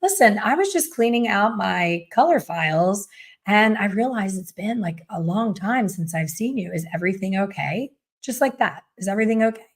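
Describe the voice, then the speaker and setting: A woman's voice: medium pitch, lively intonation, normal speed. A middle-aged woman who owns a salon, giving candid, chatty advice to fellow hairstylists and acting out what people say. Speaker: salon owner and hair color educator. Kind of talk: casual coaching talk.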